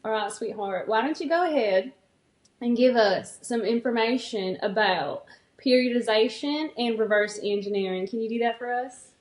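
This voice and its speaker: Sweet folksy country woman, put on by a podcast co-host, coaxing, slightly high, echoey room. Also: lively intonation, normal speed, natural voice.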